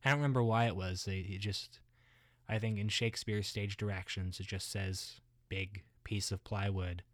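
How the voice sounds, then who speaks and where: A man playing a muddled everyday guy who rambles haltingly, full of restarts and filler words. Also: lowish voice, fairly even intonation, dry recording, studio quality, natural voice.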